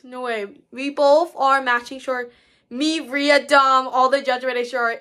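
A young woman chatting excitedly in a casual vlog, rambling with lots of fillers. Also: sits high, measured pace. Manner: excitable, rambling, frequent "so basically". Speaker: vlogger.

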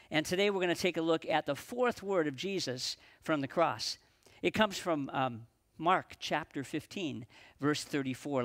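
A man preaching a sermon as pastor at a live church service, earnest, slowing down and dropping his voice for emphasis. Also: high voice, a bit bright.

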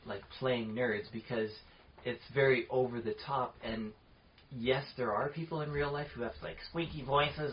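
In casual podcast chat, a male co-host with a mid-range voice speaks at normal speed in a steady tone, often restarting sentences and laughing. The lo-fi podcast audio sounds dull and carries faint noise.

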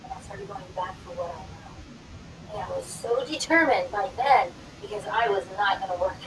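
A woman's voice: medium pitch, normal speed, roomy sound. A middle-aged woman, a guest on a talk show, telling her personal story dramatically and acting out the dialogue. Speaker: guest, wellness coach. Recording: distant mic, clear background noise.

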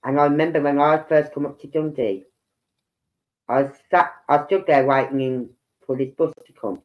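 A woman's voice: sits low, fairly even intonation, normal speed. Chatty Brummie woman telling stories. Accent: Birmingham. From Birmingham, England. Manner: chatty storyteller who acts out quoted voices. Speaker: livestream host. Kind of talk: casual chat to a live audience. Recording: dull lo-fi stream audio.

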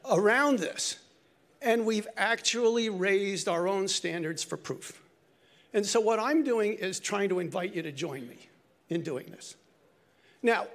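A man's voice: high voice, creaky. An older man giving a short conference talk, speaking in an earnest, reflective way and now and then correcting himself mid-phrase. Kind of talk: lightning talk.

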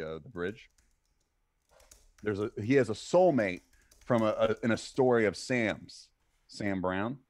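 A man with a lowish voice, recorded dry, co-hosts a casual podcast stream. He's animated, telling stories and acting out the voices of the people in them, and he swears casually as he chats.

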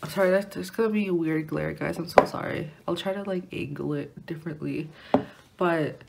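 A woman's voice: sits low, moderate pace, gravelly, noisy background. A young woman vlogger chatting casually while unboxing an album, rambling and giggling, often restarting her sentences, indoors at home near a window. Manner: rambling and giggly, many restarts and filler words.

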